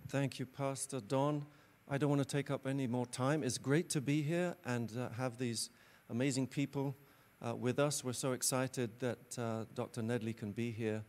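A man's voice: mid-range voice, steady tone, moderate pace, a little mellow. Earnest man introducing guest speakers. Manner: earnest and appreciative, with frequent "uh" fillers. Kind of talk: introduction remarks.

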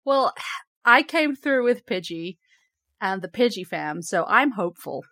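A woman's voice: mid-range voice, animated, measured pace, sharp tone, no echo, studio quality. A woman hosting a podcast in casual chat, upbeat and giggly as she reads out facts. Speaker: podcast host.

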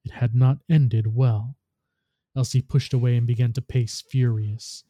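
A man, a podcast host, reading a story aloud in a steady, even narration. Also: medium pitch, measured pace, no echo, clean studio sound.

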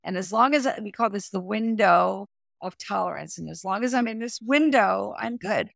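A middle-aged woman, a performance coach and therapist, explaining her method in a podcast interview, with lively, hands-on explanations. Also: mid-range voice, normal speed, vocal fry, no room sound, clean studio sound. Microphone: remote audio, no camera.

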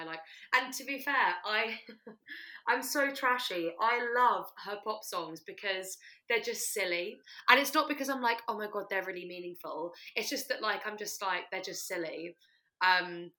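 Woman podcast co-host, bright voice, giggly, casual. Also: mid-range voice, a little slow. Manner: giggly, hesitant. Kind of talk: casual chat.

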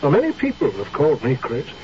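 An actor playing a grave, authoritative general questioning a soldier in a 1970s radio drama, from a dull old broadcast recording. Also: male voice, mid-range voice, wildly swooping pitch, darkish tone, slight background noise. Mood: stern. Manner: measured, authoritative. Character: stern commanding general, probing and grave.

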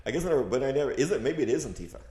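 A man's voice: mid-range voice, animated, rapid-fire, mellow. A man co-hosting a casual comedy podcast, musing and hesitant, often restarting his sentences. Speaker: podcast co-host.

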